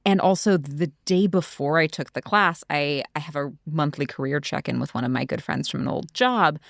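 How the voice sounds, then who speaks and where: A woman with a notably low voice, chatting as a guest in a casual, animated storytelling manner. The sound is close and dry. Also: normal speed, creaky, dry recording. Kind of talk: casual conversation.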